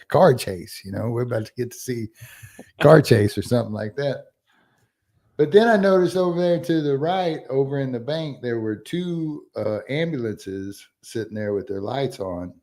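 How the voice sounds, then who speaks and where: A man chats casually on a podcast. His voice sits low, and he rambles through long stories. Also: darkish tone. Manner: rambling storyteller. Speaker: podcast co-host. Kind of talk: casual chat.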